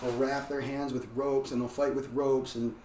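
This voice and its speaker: A man telling a story as a guest in a casual conversation, loose and animated, with frequent "like" fillers. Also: medium pitch, moderate pace. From United States. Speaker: guest, martial arts practitioner. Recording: roomy, distant mic, faint background noise.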